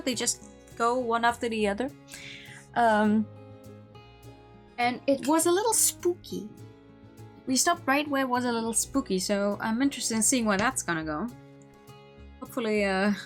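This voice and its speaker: A young woman streamer who reads a visual novel aloud, with rambling, stammering asides in between. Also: fairly high pitch.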